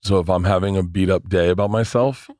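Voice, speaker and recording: Loud, rowdy man telling a story. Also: deep voice, fairly quick, no echo, studio quality. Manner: loud, animated, profane, laughs often. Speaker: comedian guest. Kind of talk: casual podcast storytelling.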